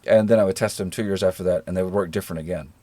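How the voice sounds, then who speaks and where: A middle-aged man with a generic American accent, a guest in a relaxed interview, telling stories in an easygoing, self-deprecating way. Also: deep voice, very fast, dry recording. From rural Georgia, American South. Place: living in New Zealand.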